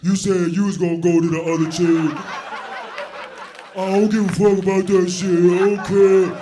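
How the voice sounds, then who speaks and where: A man doing a loud, dopey impression of a careless guy, as women mock men. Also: high voice, flat delivery, normal speed, background noise, voice pushed up, natural voice. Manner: mocking impression. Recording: live club audience laughing.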